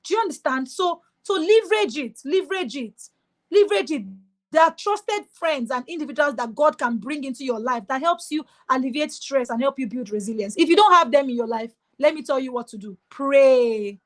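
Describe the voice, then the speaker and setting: A woman's voice: high-pitched, expressive, fast talker, hardly any pauses, a bit bright. A woman giving a motivational webinar talk, emphatic and exhorting, often repeating her key phrases. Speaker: motivational speaker.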